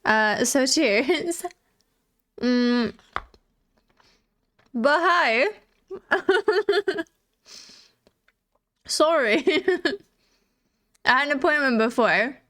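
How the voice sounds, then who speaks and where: A woman's voice: high voice, expressive, drawn-out words, long pauses, fairly bright tone. A woman streamer in casual live chat, giggly and chatty, reading and answering chat.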